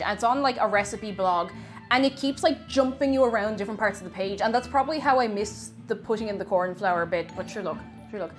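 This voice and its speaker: A woman hosting a casual livestream, chatting excitably and thanking her viewers. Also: mid-range voice. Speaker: livestream host.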